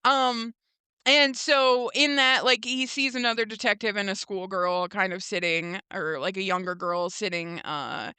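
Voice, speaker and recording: A young woman co-hosting a podcast recaps a TV episode in casual chat, acting out the characters' lines and saying "like" and "um" a lot. Her medium-pitched voice is bright, forceful, and smooth, with fairly even intonation and a measured pace. There's no room sound.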